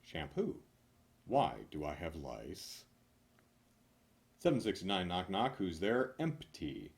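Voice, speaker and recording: A man reading knock-knock jokes one after another, loud on the punchlines and mumbling his asides. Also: low voice, very animated, takes it slowly. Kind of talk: rapid-fire joke reading.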